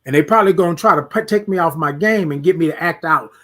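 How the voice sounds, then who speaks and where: A man hosts a motivational talk in a high, husky voice. He repeats his lines like a preacher and slips into quiet, murmured self-talk. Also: quick pace. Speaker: podcast host.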